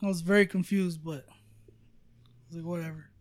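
A man's voice: a little high, steady tone, fairly quick, dry recording. A man telling a travel story in casual podcast chat, rambling with lots of fillers and swearing. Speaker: storyteller guest.

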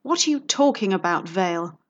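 A woman's voice: medium pitch, lively intonation, moderate pace, lo-fi sound, natural voice. A woman voicing a burly male nobleman with a blustering, indignant manner. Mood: flustered.

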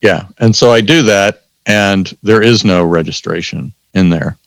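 A man with a fairly low voice in casual podcast storytelling. He acts out both sides of the conversations with lively timing. The sound is dry and close to the mic. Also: a little slow, vocal fry, dry recording. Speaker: podcast host telling stories.

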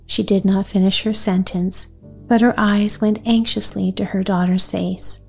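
A woman reading a gentle bedtime story aloud in a soft, unhurried way. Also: medium pitch, steady tone, husky, faint music behind.

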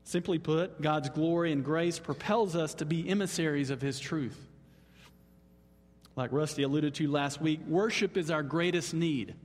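A man pastor preaching a Sunday sermon in an animated, emphatic way. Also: normal speed. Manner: animated, emphatic, leaps up in pitch on exclamations. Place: church sanctuary. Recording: long hall reverb.

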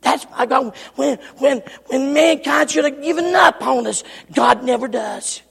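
High-pitched preacher, fiery and whispery. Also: male voice, a little slow, gravelly. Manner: dramatic swings from shouting to whispering. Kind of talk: sermon. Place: church sanctuary. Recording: long hall reverb.

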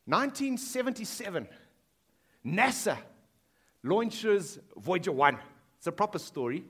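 A man preaching a sermon in a school hall, shifting between loud emphatic lines and hushed quoted lines. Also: sits high. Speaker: pastor.

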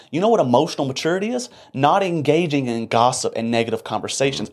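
Husky, fiery man preaching bluntly. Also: a little high, darkish tone. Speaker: podcast co-host. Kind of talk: heated motivational rant.

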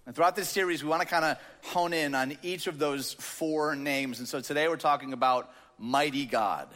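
A man's voice: on the high side, normal speed, few pauses, fairly bright tone. Casual joking male preacher in a big hall. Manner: conversational and joking, with frequent filler words. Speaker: pastor. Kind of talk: sermon. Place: large church auditorium. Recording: long reverb of a large hall.

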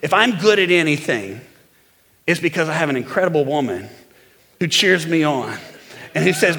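A male pastor preaches with a bright, forceful, slightly high voice. He speaks with lively energy and keeps prompting the congregation for amens. His voice rings out with a long echo through a large church hall. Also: moderate pace. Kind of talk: sermon.

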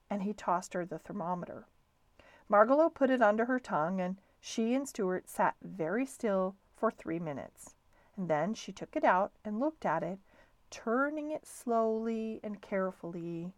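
A woman reading a children's novel aloud, calm and expressive. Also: mid-range voice, normal speed, no room sound. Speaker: storybook reader.

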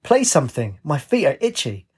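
A man lifts his voice to play an impulsive young woman in a storybook, husky and breathy-edged. She speaks with a lilt, earnest and quick to act. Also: heavily acted. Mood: lively. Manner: raised pitch, lively delivery.

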